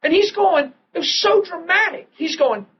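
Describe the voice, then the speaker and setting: A middle-aged male preacher telling a personal story in a sermon, acting out what people said and dropping to a hush at tense moments. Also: extremely high pitch, lively intonation, normal speed. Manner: storytelling, acts out quotes with sudden hushed drops. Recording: dull lo-fi old recording with faint hiss.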